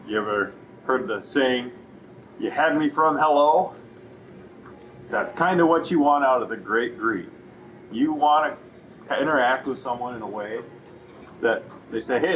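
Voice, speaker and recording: A man's voice: mid-range voice, a bit bright, a little hiss or hum, rough recording. Man chatting about greeting customers. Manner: acts out upbeat greetings in a raised voice. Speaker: furniture store co-host. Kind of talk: casual business chat.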